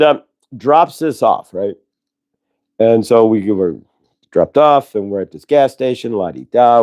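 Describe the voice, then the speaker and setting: A man's voice: on the low side, dark tone. A middle-aged man hosting a show, telling a story casually with many fillers and asides. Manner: rambling, lots of fillers and asides. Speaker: host.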